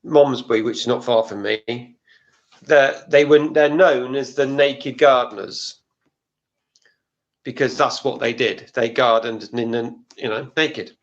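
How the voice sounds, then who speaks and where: A man's voice: mid-range voice, measured pace, dull audio. A man who is a gardening regular on a chat show, talking in a dry, matter-of-fact way. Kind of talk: casual chat.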